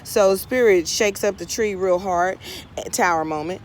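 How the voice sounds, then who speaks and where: A woman's voice: mid-range voice, measured pace. Woman tarot reader, chatty storyteller, outdoors in a garden, faint street noise. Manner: chatty, drawling, many asides and "right?". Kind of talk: casual storytelling reading.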